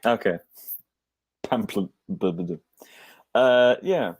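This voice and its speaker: A man's voice: on the low side, slow pace, husky, no room sound, highs cut off. A man running a tabletop role-playing game, narrating in a rambling, hesitant way with wry asides. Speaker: game master.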